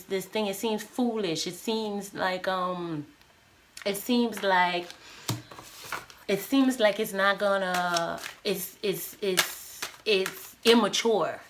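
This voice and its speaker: A young woman giving a casual intuitive tarot reading who rambles, repeats words and searches for her phrasing. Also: slight background noise. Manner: acts out an inner voice in a higher, livelier tone. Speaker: tarot reader.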